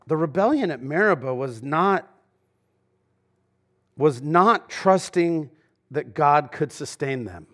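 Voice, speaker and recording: A pastor delivers a sermon in a voice that sits a little high for a man. His preaching is loose and conversational, full of casual asides. It sounds like a church service. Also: a bit bright.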